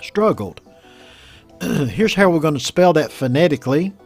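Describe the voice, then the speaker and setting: A man's voice: a little high, very animated, darkish tone, husky, soft background music. Patient American man teaching English words. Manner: slow, patient, repeats words for learners. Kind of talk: reading a news story aloud and explaining words.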